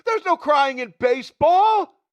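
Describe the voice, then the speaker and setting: A man doing an impression of a gruff, hard-drinking baseball manager who yells at a player. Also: extremely high pitch, animated, a little slow, pitched above the performer's own voice. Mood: yelling. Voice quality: yelling, incredulous.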